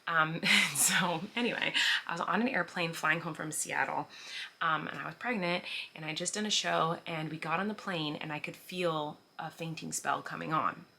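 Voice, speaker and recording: A woman in her thirties, a vlogger, chats casually to camera while answering viewer questions. Her voice is low, at a normal speed, with vocal fry and a pushed, bright quality. She says "like" and "um" a lot and laughs as she talks, with slight background noise behind her.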